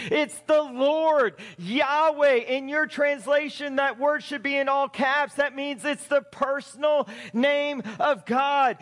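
A male pastor with a very high voice delivers a sermon in a conversational, emphatic way, throwing rhetorical questions at his congregation. His words ring out with a long reverb from a church hall. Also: a bit bright.

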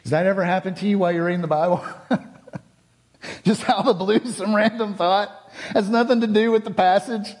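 Earnest higher-voiced male pastor preaching. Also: fairly even intonation, moderate pace, long pauses. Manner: earnest storytelling, swinging from fervent to hushed. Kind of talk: sermon.

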